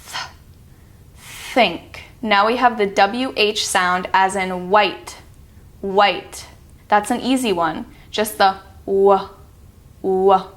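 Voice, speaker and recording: A woman's voice: mid-range voice, a bit bright. A woman teaching a reduction lesson, patiently demonstrating sounds and drawing out example words. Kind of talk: instructional video lesson.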